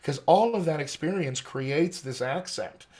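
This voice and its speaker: Animated man explaining accent coaching. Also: fairly high pitch. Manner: animated, explains in quick bursts. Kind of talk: casual interview talk.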